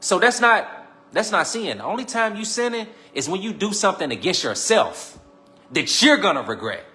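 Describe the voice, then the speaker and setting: A livestream host preaches casually and teases his viewers, repeating lines and swinging between loud calls and quiet asides. His voice is high with big pitch swings at normal speed, and faint music plays behind him.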